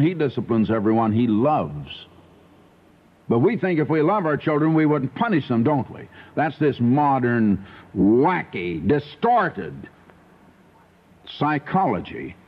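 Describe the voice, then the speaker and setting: An older male preacher tells homely stories in a folksy radio sermon. His pitch swings up and down with feeling. The sound is thin and tinny, like an old radio broadcast. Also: breathy edge. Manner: folksy storytelling preaching, animated.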